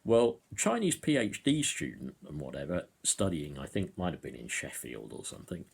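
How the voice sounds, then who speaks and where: A man's voice: rumbling low, big pitch swings, moderate pace, gravelly, slightly rough. A man vlogging to camera from home, talking in a rambling way with hesitant fillers. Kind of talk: monologue to camera. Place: indoors at home. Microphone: camera in front of him.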